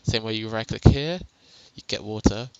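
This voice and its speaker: A man with a quiet voice talking through a casual game tutorial on a headset mic, chatty and self-mocking, laughing often. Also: fairly low pitch, normal speed, clean tone, muffled recording. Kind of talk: casual gameplay tutorial commentary.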